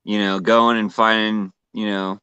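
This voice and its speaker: Low-voiced, rambling laid-back man. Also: flat delivery, unhurried, pushed and bright, dull audio, slight background noise. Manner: rambling, many fillers and restarts, laid-back. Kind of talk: casual chat.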